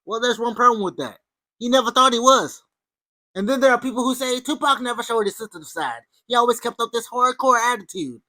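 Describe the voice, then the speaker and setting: A woman's voice: a little high, brisk, sharp tone, dry recording. A woman hosting an opinionated commentary video, talking with sarcasm and sudden emphatic outbursts. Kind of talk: opinionated commentary over clips.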